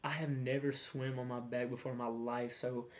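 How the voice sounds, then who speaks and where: A man's voice: mid-range voice, little pitch movement, moderate pace. A young man, talking casually to camera in a rambling, candid way with lots of fillers and self-corrections. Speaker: vlogger.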